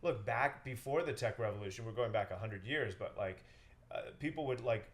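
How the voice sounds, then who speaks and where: A man's voice: on the low side, a little fast. A young man, a real estate agent, telling stories in a casual interview and acting out the people in them. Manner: animated storyteller, acts out quotes.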